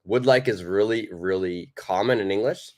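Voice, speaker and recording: Male English teacher, slightly low voice, energetic live-lesson delivery. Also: moderate pace. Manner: lively, emphatic explaining, reads viewer comments aloud.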